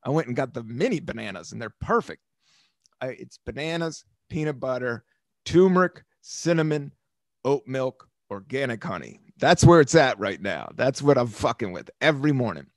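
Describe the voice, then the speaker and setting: Animated, swearing American man, fifties. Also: mid-range voice, normal speed, no room sound, studio quality. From United States. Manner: animated storytelling, swears freely, laughs often. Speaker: podcast host. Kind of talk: casual rambling monologue.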